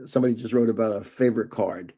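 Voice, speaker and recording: Speaking fast in a lowish, husky, dark voice, the older host of a trading card livestream drifts through casual family tales and laughs at himself.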